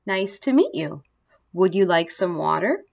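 A woman's voice: fairly low pitch, sing-song, vocal fry, exaggerated voice. A woman voicing a shy mother carefully trying her first English phrases in a storybook reading. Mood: polite. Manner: careful, halting, simple phrases.

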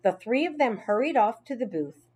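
A woman reading a children's book aloud in an expressive, unhurried way. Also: a little high, husky. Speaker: storyteller.

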